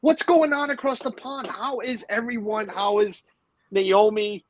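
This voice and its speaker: A man's voice: high-pitched, unhurried, a little hiss or hum, poor audio. A man hosting a casual livestream from home, chatting and rambling with lots of fillers. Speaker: livestream host. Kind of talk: casual chat.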